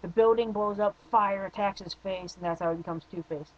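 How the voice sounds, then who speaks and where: A man's voice: high voice, fairly even intonation, fairly quick, muffled recording. A young man giving a casual, opinionated spoken movie review, rambling with frequent restarts and fillers.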